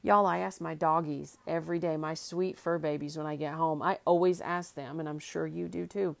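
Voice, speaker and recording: A middle-aged woman with a low voice talks in an easygoing way, circling back and restarting her thoughts with many fillers. The recording is dry and close, with no room around her voice. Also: steady tone, moderate pace, creaky, few pauses, no room sound. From Arkansas, US South. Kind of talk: casual heartfelt monologue.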